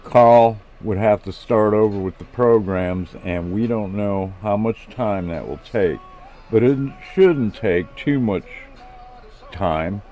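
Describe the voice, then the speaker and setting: A man doing a chatty, excitable Australian inventor who loves his slang. He keeps explaining his plans in a steady, low voice at an unhurried pace, a bit louder than the narration, in a self-read storybook. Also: soft background music. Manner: Aussie slang, explaining at length.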